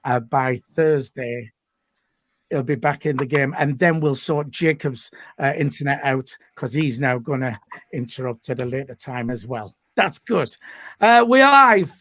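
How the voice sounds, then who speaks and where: A man hosting a live football fan stream, upbeat and chatty, often pausing mid-sentence. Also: medium pitch, fairly bright tone, no echo. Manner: upbeat, chatty presenting with frequent hesitations. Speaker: host.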